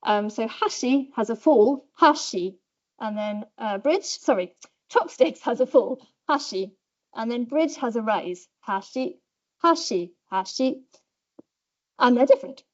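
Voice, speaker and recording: A woman with a Southern British English accent giving a university lecture, chatty and self-deprecating, acting out pitch patterns as examples. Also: lively intonation, moderate pace, a little mellow, muffled recording. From south of England. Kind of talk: academic lecture. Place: lecture hall.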